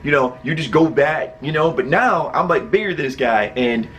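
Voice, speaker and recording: A man's voice: a little high, lively intonation, normal speed, a bit bright, slight background noise. A man casually telling a personal story, laughing often and acting out other people's voices.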